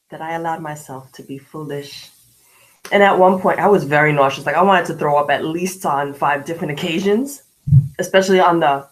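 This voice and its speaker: A woman in her late forties telling a personal diary vlog, candid and slangy, animated in retellings and hushed in reflective moments. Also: on the low side, rough recording. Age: 40s. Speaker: vlogger.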